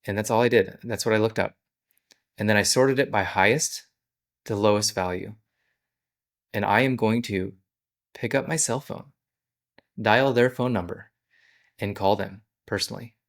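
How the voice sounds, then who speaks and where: Low-voiced man explaining his business. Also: normal speed, long pauses. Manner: conversational, walks through steps plainly. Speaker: business owner. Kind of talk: casual business vlog explanation.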